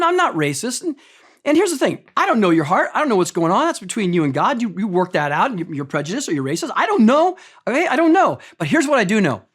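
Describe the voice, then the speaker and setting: Lively, conversational male pastor preaching. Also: high-pitched. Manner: conversational, emphatic, with direct questions to the congregation. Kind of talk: sermon.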